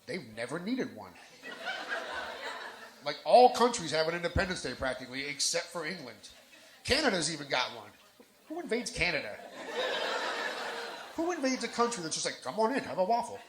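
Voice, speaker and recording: Jersey guy doing standup at a bar, kinda high voice, loud and crude, echoey room w crowd noise. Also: big pitch swings, moderate pace, long pauses. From New Jersey. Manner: brash, profane, punchy crowd work. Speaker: stand-up comedian. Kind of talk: live stand-up set. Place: bar lounge stage in front of a live crowd.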